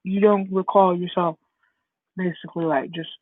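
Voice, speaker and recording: A woman's voice: on the low side, fairly even intonation, normal speed, dry recording, close to an everyday voice. A woman voicing a confident adult male superhero mentor in a casual, offhand way, over a tinny phone-like line.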